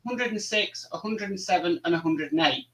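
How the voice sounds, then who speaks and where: A man's voice: high voice, lively intonation, brisk, fairly bright tone, distant mic, poor audio. A man hosting a casual model-building live stream, rambling and friendly with many fillers. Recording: voice somewhat off-mic.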